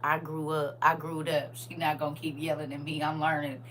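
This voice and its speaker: A woman hosting a casual livestream chat, talking straight to her viewers in a playful, animated way and laughing often. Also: deep voice, normal speed, slight background noise. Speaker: livestream host.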